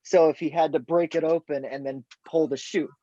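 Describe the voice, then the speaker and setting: A man chatting casually as a podcast guest about a film, animated and eager to quote favorite lines. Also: fairly high pitch, normal speed, no echo, muffled recording. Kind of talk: casual movie discussion.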